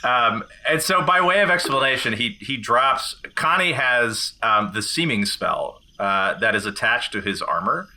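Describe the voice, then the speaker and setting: A man's voice: medium pitch, expressive, a little slow, few pauses, bright, forceful tone. A man playing in a tabletop game, chatting casually and explaining his character. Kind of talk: casual chat.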